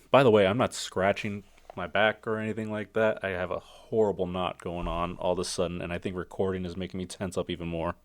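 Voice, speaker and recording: A man's voice: low-pitched, little pitch movement, a little fast, dry recording. A man giving a casual spoken film review. He rambles, second-guesses himself and uses lots of fillers. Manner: rambling, self-doubting, many fillers.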